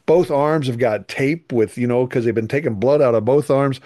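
A man's voice: medium pitch, normal speed, mellow, no room sound, studio quality. A middle-aged man, a youth minister, telling an emotional personal testimony in an earnest, emphatic way. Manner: earnest, emphatic, voice rising with feeling.

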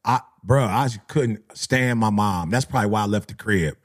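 Husky man telling stories. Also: normal speed. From Detroit area. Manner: animated, slangy, acts out voices with big pitch jumps. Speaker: motivational speaker. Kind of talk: storytelling talk.

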